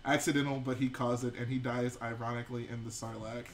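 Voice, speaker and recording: A man's voice: medium pitch, little pitch movement. Man reading chat on a live stream. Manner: reads out viewer comments, quick back-and-forth. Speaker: livestream host reading viewer chat. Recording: distant mic with faint room noise.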